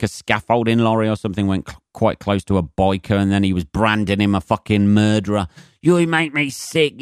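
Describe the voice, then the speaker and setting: A man's voice: medium pitch, no room sound, clean studio sound. A British man hosting a podcast, ranting and swearing at length in a rambling, mocking way. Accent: British English. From Britain. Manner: sweary, rambling, mocks with put-on voices. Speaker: podcast host. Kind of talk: profane solo rant.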